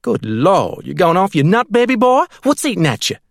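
A man's voice: sits high, huge pitch swings, moderate pace, gravelly, no echo, pitched above the performer's own voice, exaggerated voice. Male reader putting on a clingy doting woman, cooing and pleading, raised voice, dry sound. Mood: coaxing. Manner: cooing, pleading, baby talk. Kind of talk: audiobook reading.

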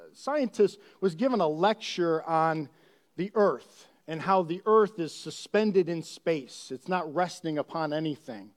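A man preaching a sermon. He keeps asking rhetorical questions and talks in an animated way. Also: on the high side. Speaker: pastor.

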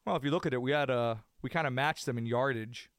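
A man imitating a gruff, evasive older male football coach in a flat, clipped mumble. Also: medium pitch, fast, no room sound, clean studio sound, pitched below the performer's own voice, close to an everyday voice. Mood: deadpan.

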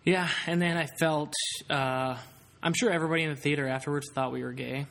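A man's voice: fairly high pitch, fairly even intonation, fairly quick, vocal fry, fairly bright tone. A man hosting a casual podcast, telling a rambling story with many fillers. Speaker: podcast host.

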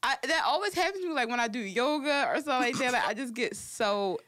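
A woman's voice: a little high, expressive, fast, a bit bright, no echo. A young woman, co-hosting a casual chat, blunt and grumbling as she swears her way through complaints. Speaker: podcast co-host.

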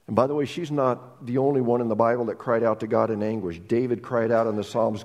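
A man preaching a sermon as a pastor, telling a Bible story with lively humor and asides. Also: mid-range voice, brisk, hardly any pauses, in a large hall.

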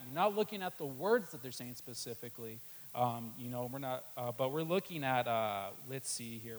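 Over poor-quality audio, a man with a mid-range voice preaches a sermon conversationally and loosely, filling it with "um"s and a habit of saying "right there."

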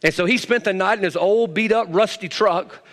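A man's voice: high voice, a little fast, a bit bright, in a large hall. A male pastor preaching a sermon, with emphatic delivery and folksy storytelling.

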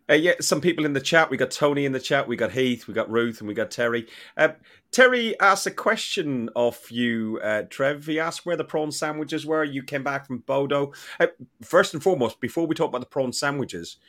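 A man hosting a casual podcast, joking and teasing his co-hosts with loud bursts. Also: medium pitch, lively intonation, normal speed. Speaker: podcast host.

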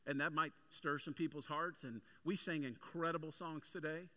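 Male pastor, sermon, bright and forceful delivery, fairly high voice, lively storyteller. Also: fairly quick, few pauses. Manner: energetic storytelling, animated.

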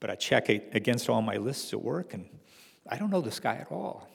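A middle-aged man telling a personal story to an audience in a wry, halting way, with restarts and fillers. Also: medium pitch, sing-song, vocal fry, breathy edge, in a large hall.

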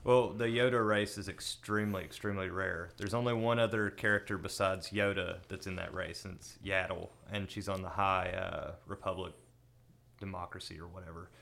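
Man, lowish voice, casual podcast chat, hesitant, reads facts out. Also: steady tone, moderate pace, vocal fry, fairly bright tone. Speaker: podcast co-host.

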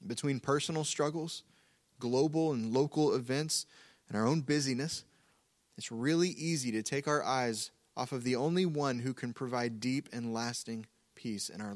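A male pastor preaching a sermon in a calm, measured way, slowing down to repeat key words for emphasis. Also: mid-range voice.

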